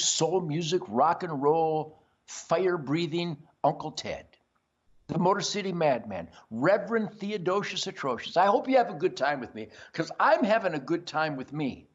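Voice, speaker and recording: A man's voice: high voice, muffled recording. Brash, boisterous older man rambling. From Detroit area. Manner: boisterous, brash, self-promoting. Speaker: host. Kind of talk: rambling monologue. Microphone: earpiece.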